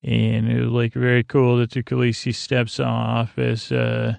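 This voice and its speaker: Man, sleepy rambling recap host; gravelly, monotone, close and dry. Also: mid-range voice, unhurried, dry recording. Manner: rambling, many uh fillers, flat drowsy delivery. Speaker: podcast host recapping a TV episode.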